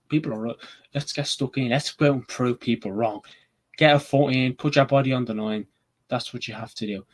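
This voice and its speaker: A man hosting a casual football preview, rambling and excitable, with casual swearing. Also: mid-range voice. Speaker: football channel host. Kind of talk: casual match preview chat.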